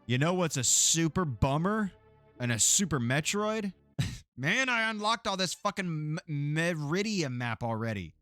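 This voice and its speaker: A man's voice: a little high, big pitch swings, a little slow, bright, forceful tone, no room sound, faint music behind. A man from Texas chatting casually and cursing while streaming a game, laughing often. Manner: laid-back, profane, laughs often, jokey asides. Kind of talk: casual live gameplay chat.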